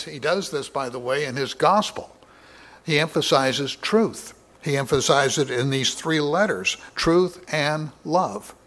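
A man preaching a Bible study sermon, reading scripture aloud in a measured way with many fillers and rising for emphasis. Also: medium pitch, a bit bright. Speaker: pastor.

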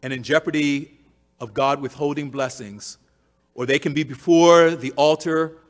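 A man preaching a sermon, repeating key phrases for emphasis and swinging from loud declarations to hushed, low passages. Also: measured pace.

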